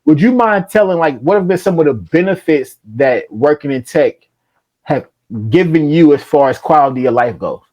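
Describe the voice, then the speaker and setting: A middle-aged man hosting a casual interview, telling stories in a lively, slangy way and laughing often. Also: a little high, normal speed, rough recording. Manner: animated storyteller, slangy and laughing. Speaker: podcast host.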